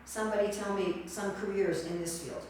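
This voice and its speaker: A woman's voice: medium pitch, fairly even intonation, a little fast, a little mellow, slight background noise. A woman teaching a class, quizzing her listeners and sorting their answers into right and wrong. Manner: quizzing the audience, repeating and judging their answers. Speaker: lecturer. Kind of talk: interactive class lecture. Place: lecture hall. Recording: echoey hall from far off.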